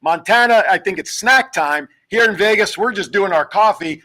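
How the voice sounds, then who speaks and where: A man with a high voice hosts a live show from a television studio. He keeps things jokey and upbeat and rattles off announcements in quick patter. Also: animated, sharp tone. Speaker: host.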